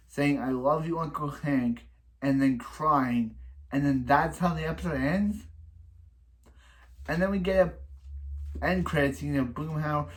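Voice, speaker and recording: Rambling man recapping an episode. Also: on the high side. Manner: rambling with many restarts and repeated phrases; exasperated complaining. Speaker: reaction video host.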